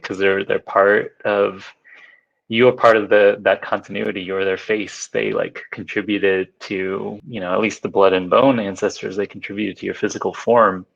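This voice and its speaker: A man reflecting out loud in a halting, musing way, full of fillers. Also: on the low side, creaky. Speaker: panel speaker. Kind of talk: reflective casual talk. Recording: dull lo-fi audio.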